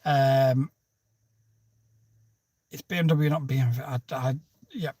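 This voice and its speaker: A man's voice: medium pitch, fairly even intonation, takes it slowly, mellow, no echo. A man hosting a casual livestream, chatting and joking as he answers viewers' comments. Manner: chatty, jokey, jumps between topics and greets viewers by name. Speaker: livestream host.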